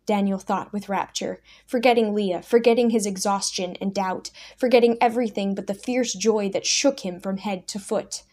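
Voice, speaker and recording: Soft-spoken woman reading a story aloud. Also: medium pitch, steady tone, moderate pace, hardly any pauses. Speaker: narrator. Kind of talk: scripted audiobook narration.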